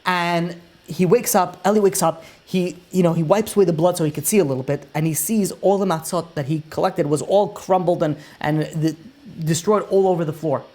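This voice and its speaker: Rabbi telling a dramatic story. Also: male voice, fairly high pitch, fairly quick. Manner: animated retelling that acts out the characters' lines.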